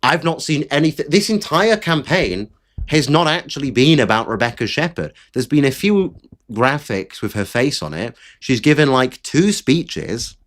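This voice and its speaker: A man's voice: mid-range voice, big pitch swings, normal speed. Guy doing solo politics commentary, blunt and sweary, voice swings all over the place. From Britain.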